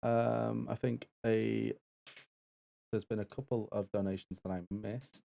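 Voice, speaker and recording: A man's voice: fairly low pitch, level tone, measured pace, vocal fry, warm tone. A man co-hosting a charity live stream in casual banter, easygoing and often restarting his words. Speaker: co-host and assistant of a stream event.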